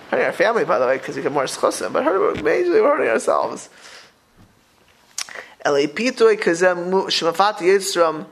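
A middle-aged man, a rabbi giving a Torah class in a lively way, often repeating words and firing off rhetorical questions. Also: high voice, creaky.

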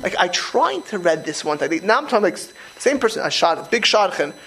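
A middle-aged man talking in a casual conversation, animated and emphatic, often restarting his sentences. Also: sits high, a little fast, slight background noise, rough recording.

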